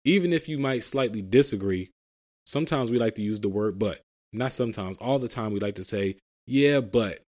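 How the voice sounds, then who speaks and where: A man's voice: lowish voice, a little fast, a little mellow. A man hosting a podcast, casually explaining sales calls, often asking "right?" and acting out sample phone lines. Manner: conversational, says "right?" often. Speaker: podcast host giving sales advice. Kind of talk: casual solo podcast talk.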